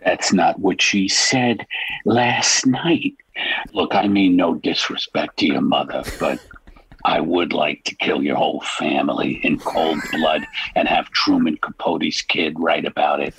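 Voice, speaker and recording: A man voicing a crude, menacing gangster on a comedy phone show, delivering slow deadpan threats. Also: creaky, a little hiss or hum, full character voice, rough recording. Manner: slow, deadpan menace with sudden squeaky mocking voices. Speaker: comedy podcast co-host. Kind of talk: improvised gangster character on a prank phone show.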